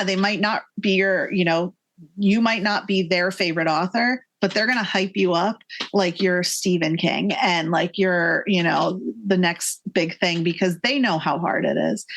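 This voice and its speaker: A woman in her forties, a guest author in a casual podcast interview, talking with enthusiasm, many fillers and little acted-out quotes. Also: fairly low pitch. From Massachusetts.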